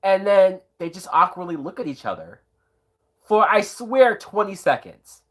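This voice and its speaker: A man's voice: high-pitched, very animated, measured pace, breathy edge. A tipsy man giving sarcastic, profanity-laced live commentary while watching a movie, breaking into whooping laughs. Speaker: movie reviewer.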